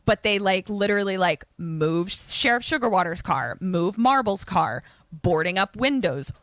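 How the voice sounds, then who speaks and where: A woman's voice: medium pitch, expressive, normal speed, a bit bright, no room sound. A young adult woman co-hosting a podcast, recapping a film in chatty, profane casual speech. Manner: chatty and profane, with many fillers. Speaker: podcast co-host.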